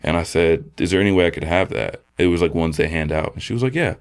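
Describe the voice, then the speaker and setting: Very deep gravelly-voiced man. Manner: halting, soft-spoken, many fillers and restarts. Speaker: podcast guest. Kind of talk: personal testimony in casual conversation.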